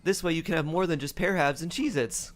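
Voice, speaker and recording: A man's voice: fairly high pitch, a little fast, soft background music, pitched above the performer's own voice, lightly acted. A man voicing a grateful coworker who speaks eagerly and sincerely. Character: grateful coworker bringing lunch.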